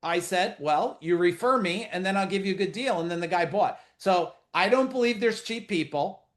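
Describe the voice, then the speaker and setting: A middle-aged man with a fairly high voice runs a live webinar for business owners over a video call. He talks in a loose, animated way, blunt and profane, cracking jokes as he goes. He speaks straight to his audience in a casual coaching manner. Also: normal speed.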